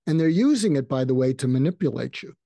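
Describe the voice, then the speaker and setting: An older man talks through advice in a relaxed, mellow voice, now and then acting out sample lines with a lift in pitch. The recording is close and dry, with no room sound around him. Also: fast, vocal fry, no echo. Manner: explanatory, acts out sample lines in a raised voice. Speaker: psychiatrist guest. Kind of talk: conversational advice in a podcast interview.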